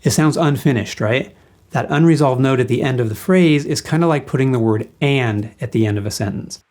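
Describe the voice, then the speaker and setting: A man's voice: mid-range voice, a little fast, a little mellow. A man teaching a guitar lesson, explaining music theory patiently and singing rhythms as syllables.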